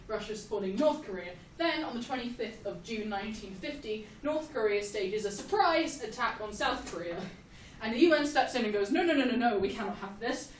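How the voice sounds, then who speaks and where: Animated young woman explaining history. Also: medium pitch, far from the mic. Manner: animated, joking, laughs often. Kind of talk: casual jokey history lesson. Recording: echoey room, off-mic, faint hiss.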